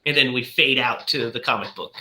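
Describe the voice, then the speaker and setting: Lively, bright-voiced man recapping a film. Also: mid-range voice, fairly quick, a little hiss or hum. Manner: animated storyteller who acts out the characters' lines. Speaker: podcast host. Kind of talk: casual movie discussion, retelling the plot. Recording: roomy echo.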